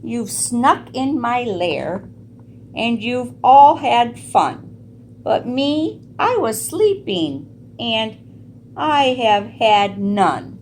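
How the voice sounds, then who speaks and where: A woman's voice: a little high, very animated, drawn-out words, darkish tone, a little hiss or hum, pitched above the performer's own voice, heavily acted. A woman voicing a big male bear who whimpers and complains that he missed the fun, in a storybook reading. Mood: whiny.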